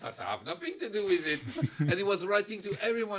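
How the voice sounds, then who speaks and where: A man's voice: fairly high pitch, animated, brisk, pushed and bright. A man with a French accent telling a story as a podcast guest, laughing often and swearing freely while he acts out other people's lines. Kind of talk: animated storytelling.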